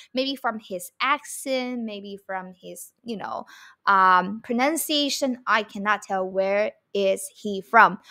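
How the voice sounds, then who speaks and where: Woman, Mandarin teacher, high bright voice, slow unhurried delivery, repeats examples. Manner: slow, repeating phrases for learners; mixes English explanation with Mandarin examples. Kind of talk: language lesson explanation.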